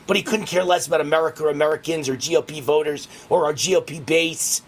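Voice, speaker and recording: A man hosting a political talk radio show, delivering a rapid, heated ranting monologue. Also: on the high side, fairly even intonation.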